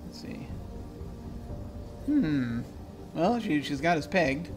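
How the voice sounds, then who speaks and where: A man narrates a video game in a casual, chatty way, reading game text and thinking aloud. His voice sits a bit high for a man. Faint game music plays in the background. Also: big pitch swings, takes it slowly. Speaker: let's play host. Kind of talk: casual gameplay commentary.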